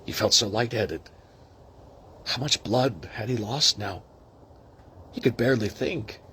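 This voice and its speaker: A man casually reading a novel aloud, who breaks off into excited asides. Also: lowish voice, unhurried, slight background noise. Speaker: reader.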